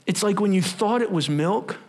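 A man preaching a sermon as a pastor, animated and humorous, acting out scenes as he goes. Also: high-pitched, moderate pace.

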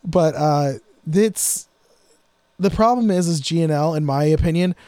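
A man's voice: on the high side, a little slow, mellow, clear, resonant tone, no echo. A man co-hosting a casual podcast about guitar gear, rambling and joking, his sentences often trailing off into mutters. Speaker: podcast co-host.

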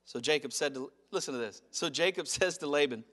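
A man preaching a sermon as pastor, animated, acting out quotes and chuckling as he speaks. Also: a little high, fairly quick, hardly any pauses.

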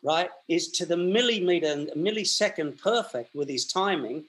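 A man's voice: a little high, lively intonation, moderate pace, fairly bright tone. A man, telling long stories as an interview guest and often restarting and repeating his words. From Australia. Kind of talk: storytelling in a conversational interview.

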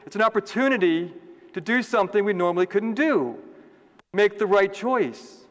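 High-voiced priest in a reverberant church. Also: male voice, animated, normal speed, a bit bright. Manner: conversational, joking, asks the congregation questions. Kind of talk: homily.

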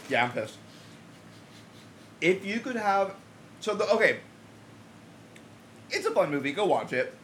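A man's voice: sits high, very animated, measured pace, long pauses, fairly bright tone, a little hiss or hum. A man co-hosting a casual movie review podcast, joking and rambling with plenty of fillers. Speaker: podcast co-host.

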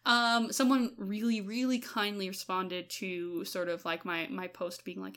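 A woman co-hosting a casual podcast, swinging between soft reflective musing and loud, laughing excitement. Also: mid-range voice, normal speed, few pauses. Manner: uses y'all, laughs often. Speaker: podcast co-host.

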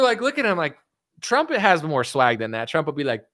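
Male political streamer; casual sarcastic rant, lots of filler, slightly high voice, dry close recording. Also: wildly swooping pitch, a little fast, a bit bright, dry recording. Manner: rambling, sarcastic, heavy filler "like".

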